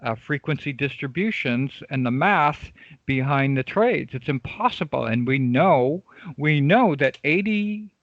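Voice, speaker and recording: A man's voice: on the high side, expressive, measured pace, dry recording, lo-fi sound. A man teaching a live online trading class, emphatic and repetitive, often checking in with his students. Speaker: trading coach.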